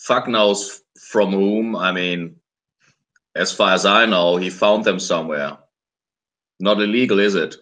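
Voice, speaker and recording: A man playing a tabletop role-playing game, gruff and dry while speaking in character. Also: low-pitched, unhurried, fairly bright tone. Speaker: player.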